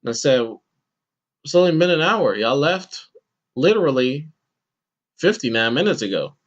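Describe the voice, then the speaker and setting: In lo-fi sound, a man who hosts a podcast chats casually through a story at normal speed, animatedly voicing the people he quotes with sudden pitch shifts.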